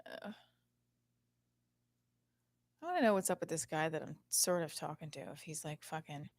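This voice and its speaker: A woman's voice: low voice, lively intonation, fast, no echo. A woman in her thirties hosting her own podcast in a casual, candid and rambling monologue, swearing freely and using many fillers. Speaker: podcast host. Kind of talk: casual live-stream monologue. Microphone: home setup, streaming and recording at once.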